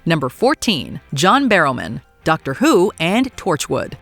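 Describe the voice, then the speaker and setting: Expressive woman narrating a countdown. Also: low voice, measured pace, faint music behind.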